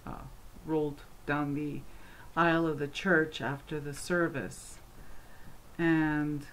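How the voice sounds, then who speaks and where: A woman vlogging at home, answering questions in a casual, rambling chat full of fillers, animated and passionate as she talks. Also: on the low side. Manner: animated and passionate when speaking.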